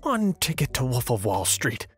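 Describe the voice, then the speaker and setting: A man's voice: mid-range voice, sing-song, normal speed, husky, faint music behind. A man voicing a demanding, indignant old woman who huffs and whines. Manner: demanding, huffy and whiny.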